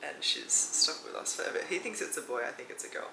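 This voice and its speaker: A woman's voice: low-pitched, animated, fast talker, vocal fry, roomy sound, background noise. A young woman, chatting casually and teasingly in a vlog Q&A at home. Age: young adult. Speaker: vlogger. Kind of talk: casual Q&A chat. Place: room at home, at night.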